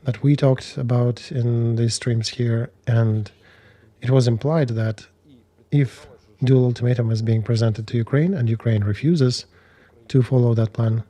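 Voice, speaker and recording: A man commenting on the war with a dark, mellow tone. He talks in a measured, analytical way and makes blunt judgments. His pitch sits in the middle range for a man. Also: fairly even intonation. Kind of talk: analytical discussion.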